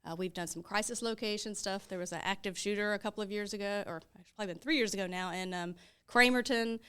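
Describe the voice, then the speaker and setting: A woman's voice: medium pitch, fast, bright, forceful tone, clear, resonant tone. A woman being interviewed about running her ministry's operations, speaking cheerfully and matter-of-factly. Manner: cheerful, matter-of-fact, laughs lightly. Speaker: guest, runs ministry operations. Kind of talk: casual interview talk.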